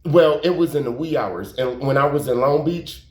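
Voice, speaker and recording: A man's voice: a little high, moderate pace. Rambling, slangy man in an echoey room. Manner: rambling, emphatic, slangy, repeats words, curses. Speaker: YouTube storyteller. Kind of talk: casual storytelling monologue. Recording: roomy echo.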